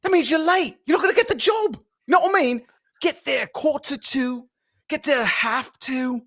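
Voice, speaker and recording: A man's voice: very high-pitched, normal speed, pitched above the performer's own voice. A man putting on a British accent to play a brash figure lecturing people about being on time. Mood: scolding. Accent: put-on British. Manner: loud, scolding.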